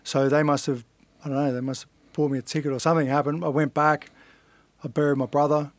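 A man's voice: a little high, little pitch movement, quick pace, no echo. A man in his forties, a fighter being interviewed, telling his life story in a blunt, earnest way and swearing casually. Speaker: guest, fighter.

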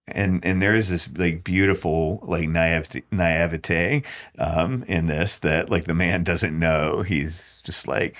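A man's voice: sits low, fairly even intonation, slow pace, fairly bright tone. A man co-hosting a podcast, talking through a Bible passage in a thoughtful, reflective way. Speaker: podcast co-host. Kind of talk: casual Bible discussion.

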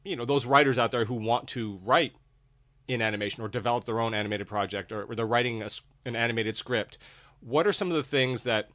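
A man interviewing a guest, asking questions in a halting way with restarts. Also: mid-range voice, fairly bright tone.

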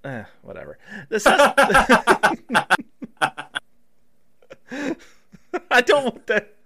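A man's voice: very high-pitched, huge pitch swings, extremely slow, pushed and bright. A man co-hosting a casual comedy podcast, reading news stories aloud and breaking off to joke and laugh. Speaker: podcast co-host.

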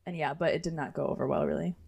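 A young woman co-hosting a podcast, talking in a relaxed, easygoing way full of "um" and "like". Her voice sits a little low for a woman. She laughs easily as she tells her stories. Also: racing, gravelly. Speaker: podcast co-host. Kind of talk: casual chat.

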